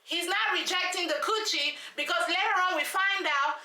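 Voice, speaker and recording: Sassy woman, bright voice in an echoey room. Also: very high-pitched, moderate pace, recorded from a distance. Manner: sassy, dramatic, repeats lines for emphasis. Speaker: reality show recap vlogger. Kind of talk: casual reality TV recap commentary.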